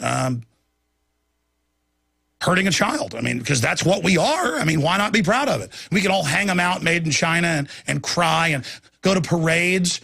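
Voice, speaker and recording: Gravelly ranting male news host. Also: a little high, sharp tone, no room sound. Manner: ranting, indignant, digressive. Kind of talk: opinionated news commentary.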